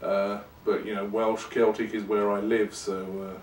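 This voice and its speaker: A man's voice: on the low side, level tone, measured pace, darkish tone, a little hiss or hum. Rambling man host, roomy distant sound. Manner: rambling and self-deprecating. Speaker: podcast host. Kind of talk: casual monologue.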